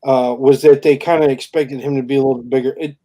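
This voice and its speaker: A man co-hosting a casual podcast chat, halting and filling pauses as he talks. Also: mid-range voice, steady tone, mellow. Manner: halting, many fillers and restarts. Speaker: podcast co-host.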